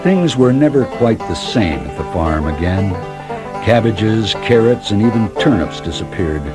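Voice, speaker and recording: Expressive male storybook reader. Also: sits low. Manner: expressive read-aloud with dramatic sound words. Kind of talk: reading a children's chapter book aloud. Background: background music.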